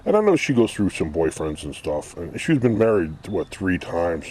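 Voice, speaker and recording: Blunt, rambling man with a low voice. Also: sing-song, moderate pace, darkish tone, husky. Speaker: vlogger. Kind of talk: casual opinion monologue.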